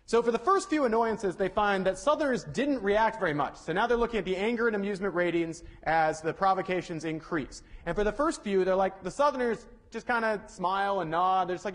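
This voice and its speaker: A young man from the Southern United States giving a casual university lecture, chatty and correcting himself with joking asides. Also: sits high. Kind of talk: classroom lecture. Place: lecture hall.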